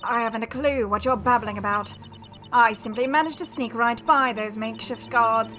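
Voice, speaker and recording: A woman's voice: fairly high pitch, moderate pace, sharp tone, slight background noise. A woman voicing a haughty, scheming noblewoman who speaks imperiously and with scorn. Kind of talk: voicing game dialogue while streaming. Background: game music.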